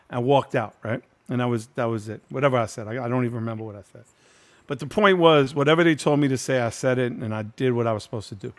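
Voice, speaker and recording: A man's voice: medium pitch, fast talker. Man, middle-aged, casual host, slangy, profane, storytelling. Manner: loose, profane, street slang.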